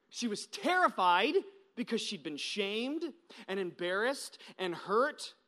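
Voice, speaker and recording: An American man in his thirties, a pastor preaching a sermon with animated storytelling that swings between loud and hushed. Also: sits high.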